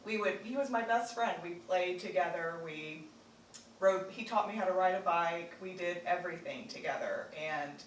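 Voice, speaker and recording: A woman from Virginia telling a personal family story, halting with many fillers and restarts. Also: lowish voice. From Virginia, United States. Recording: roomy echo, distant mic, faint noise.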